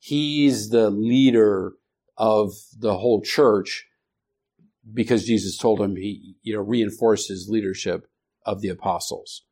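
A man teaching a Bible study class, speaking haltingly with many restarts and questions to the students. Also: fairly low pitch, darkish tone.

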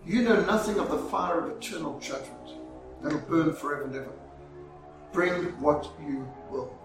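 A man's voice: a little high, normal speed, creaky, music in the background. A man voicing a steadfast old bishop in his eighties, speaking in a firm, declaring way. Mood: defiant. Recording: very echoey, from far off.

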